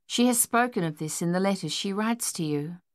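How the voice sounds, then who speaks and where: A woman reading the part of a caring French nursing sister in an audiobook, soft but firm. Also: mid-range voice, animated, normal speed, lightly acted. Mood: firm gentle.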